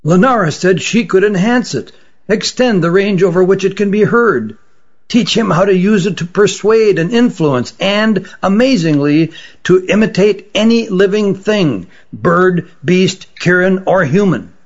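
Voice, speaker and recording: A man's voice: sits high, expressive, measured pace, dull audio, pitched above the performer's own voice, heavily acted. A man reading a story, voicing an earnest, anxious male adventurer. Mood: pondering.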